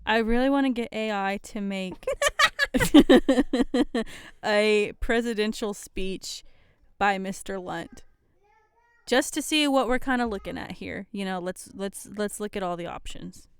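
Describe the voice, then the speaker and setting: A woman's voice: medium pitch, a little slow, clean tone, no room sound, studio quality. A young woman co-hosting a podcast in casual chat, giggling and laughing often. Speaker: podcast co-host.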